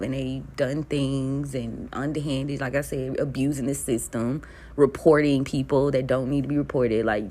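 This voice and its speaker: Deep-voiced lady venting about her life, swears a lot, laughs it off, very low voice. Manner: blunt, profane, laughs between lines. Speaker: spiritual content creator. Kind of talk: casual storytelling monologue.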